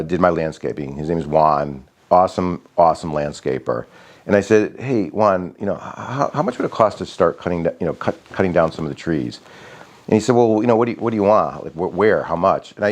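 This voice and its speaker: A middle-aged man telling a rambling, casual story about his backyard, with many fillers and restarts. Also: sits low. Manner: rambling, many fillers and restarts, animated when quoting others.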